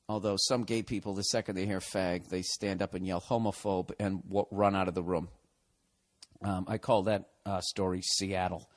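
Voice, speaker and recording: A man in his forties from the United States, hosting a podcast, reading a listener's email aloud and ranting back at it in a profane, sarcastic way. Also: fairly low pitch. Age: 40s. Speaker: podcast host.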